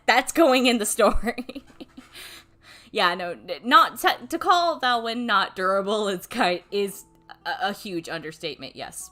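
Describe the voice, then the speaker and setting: A woman's voice: medium pitch, sharp tone. A young woman chatting casually on a livestream, rambling and self-deprecating, with casual swearing and frequent laughs. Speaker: streamer and voice actor.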